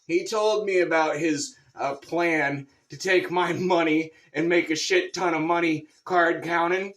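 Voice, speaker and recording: A man's voice: a little high, fairly even intonation, measured pace, fairly bright tone. A comedian quoting his exasperated, suspicious wife in his own voice. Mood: accusing. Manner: exasperated, accusing.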